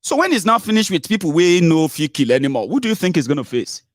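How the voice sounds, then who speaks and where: A Nigerian man with a Yoruba accent hosts a heated political commentary monologue, scolding and mocking his listeners while switching between English, Pidgin and Yoruba. His voice sits on the high side and is very animated, moving at a quick pace. The recording is dry with clean studio sound.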